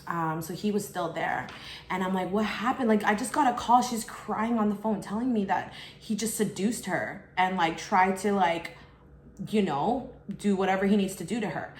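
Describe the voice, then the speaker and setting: A chatty young woman spills a story in a casual storytime while eating, filling her talk with "like" and acting out what others said. Her voice sits at a middling pitch, and the recording carries a roomy echo. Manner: chatty, fills speech with "like", acts out others in quotes. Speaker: vlogger.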